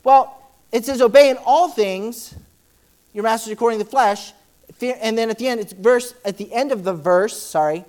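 A man preaching a church sermon and reading scripture aloud, talking fast and excitedly, often repeating words as he presses on. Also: very high-pitched, clean tone.

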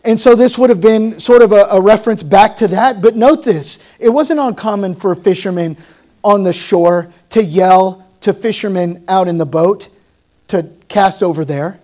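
A male pastor with a notably high-pitched voice delivers a sermon. He swings between loud, pressing emphasis and hushed, lower-toned explanation as he teaches verse by verse. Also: moderate pace. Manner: emphatic preaching with rising and falling intensity.

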